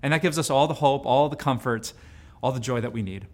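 A man's voice: mid-range voice, fairly quick. A man, a pastor hosting a TV ministry, speaking directly to viewers in a scripted devotional talk and appeal. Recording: soft music underneath.

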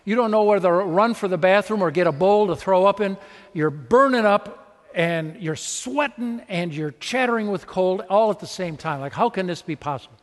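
A man's voice: high-pitched, normal speed, big-room sound. A man preaching a sermon in a church, talking conversationally and acting out little scenes as he goes. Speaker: pastor.

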